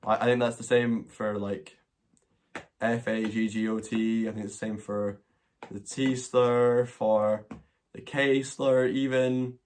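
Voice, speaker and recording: A man's voice: fairly low pitch, little pitch movement, slow pace, darkish tone, a little hiss or hum. Chatty Scottish man hosting a livestream. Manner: rambling, with many restarts and mild swearing. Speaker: livestream host answering questions. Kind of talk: casual chat.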